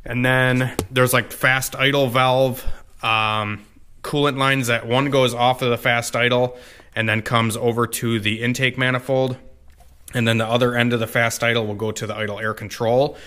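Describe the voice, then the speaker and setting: A man's voice: mid-range voice, level tone, moderate pace, sharp tone. A young man explaining car work in a casual, rambling way, with lots of fillers and cursing. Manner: rambling, profane, many fillers. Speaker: car tuning vlogger. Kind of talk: casual garage walkthrough.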